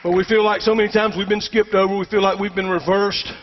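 A middle-aged male pastor preaches with emphatic fervor, urging his congregation to answer back. His voice sits very high for a man. The dull, muffled recording carries a long hall reverb from the church sanctuary. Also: flat delivery, quick pace, noisy background. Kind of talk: sermon.

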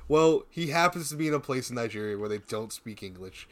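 A man's voice: medium pitch, fairly even intonation, a little fast, hardly any pauses. A young man co-hosting a podcast, joking and rambling in casual comedic chat, laughing often. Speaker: podcast co-host.

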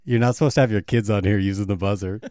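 A man's voice: fairly low pitch, very fast, music in the background. A man hosting a podcast, chatting casually with a comedian and laughing often. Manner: laughs often, relaxed questions. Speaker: podcast host. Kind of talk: casual chat.

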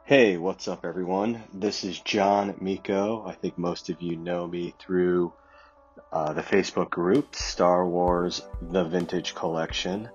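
A man's voice: low voice, steady tone, measured pace, highs cut off, soft background music. A man recording a heartfelt message for a fan community, speaking thoughtfully. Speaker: community guest.

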